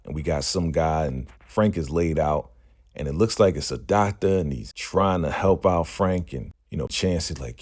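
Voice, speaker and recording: Guy with a super low deep voice running thru a tv episode recap, slangy, lots of "right?". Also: moderate pace, a little mellow. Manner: loose and slangy, with "right?" and "you know" tagged onto lines.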